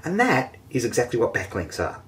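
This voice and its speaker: A man teaching an online marketing lesson, energetic and jokey, poking fun at himself. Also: mid-range voice, a little fast. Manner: energetic, jokey and self-mocking. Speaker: online marketing course host.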